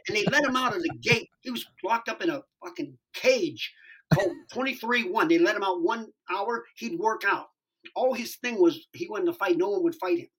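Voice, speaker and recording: A middle-aged man from Youngstown, Ohio, telling stories in an interview, profane, rambling and excitable. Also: high-pitched, moderate pace, husky. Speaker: actor being interviewed. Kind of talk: casual storytelling interview.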